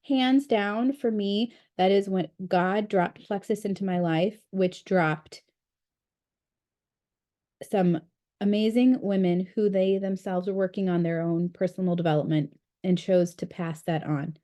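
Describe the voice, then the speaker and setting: A woman leads a casual book study discussion over a video call. Her voice is mellow and unhurried, sitting mid-range in pitch. She talks candidly, with plenty of fillers along the way. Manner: chatty and candid, with frequent fillers. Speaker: book study group leader.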